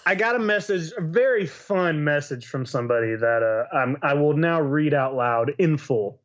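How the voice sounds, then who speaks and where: A man's voice: fairly high pitch, animated, moderate pace, dull audio. A man co-hosting a podcast in casual chat, swearing freely and rambling with restarts. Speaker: podcast co-host.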